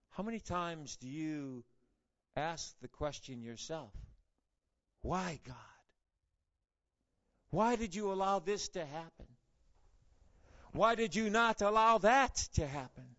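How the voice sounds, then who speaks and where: A man preaching a sermon, deliberate and measured, building to fervent rhetorical questions. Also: a little high, lo-fi sound. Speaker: pastor.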